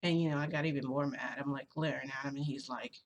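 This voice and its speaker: A woman's voice: a bass voice, steady tone, fast, slight background noise. A woman vlogger telling a personal story in casual chat, rambling with lots of fillers and restarts.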